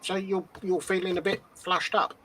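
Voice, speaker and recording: A man's voice: high-pitched, little pitch movement, normal speed, bright, forceful tone, slight background noise. A man, co-hosting a casual live stream with teasing quips. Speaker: co-host. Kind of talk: casual chat.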